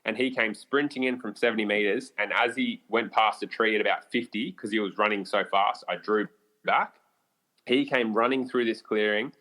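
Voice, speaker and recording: Australian man, podcast guest, fairly deep voice, animated storyteller, salty and casual. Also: normal speed. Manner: animated, casual swearing, many fillers.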